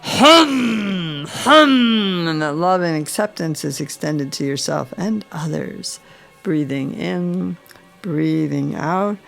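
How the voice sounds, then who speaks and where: A woman's voice: low-pitched, slow, gravelly, darkish tone, faint music behind. A woman leading a guided chakra meditation, giving soothing breathing cues and intoning mantras.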